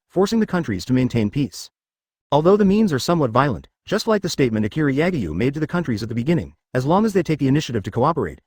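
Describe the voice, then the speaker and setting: A male narrator reads a story at a brisk clip. His pitch rises and falls freely, and the sound is close and dry with no room around it. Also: dry recording.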